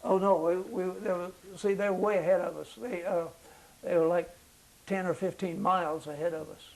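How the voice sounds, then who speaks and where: An older man, a veteran, recounting his memories in an oral history interview, pausing often with fillers as he searches for details. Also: high voice, fairly even intonation, gravelly, darkish tone, poor audio. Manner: halting recollection with many fillers.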